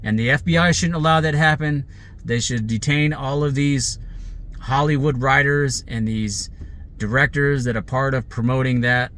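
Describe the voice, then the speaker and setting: A man's voice: mid-range voice, steady tone, moderate pace, fairly bright tone. A man sitting in his car, giving an angry, rambling monologue to the camera about grievances and threats. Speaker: vlogger.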